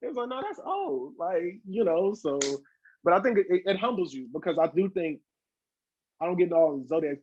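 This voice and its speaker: A man who is a hip hop artist, talking as a podcast guest in a loose, animated way, swearing freely and acting out quoted voices. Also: on the high side, highs cut off, a little hiss or hum. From Southern California. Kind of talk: casual podcast interview.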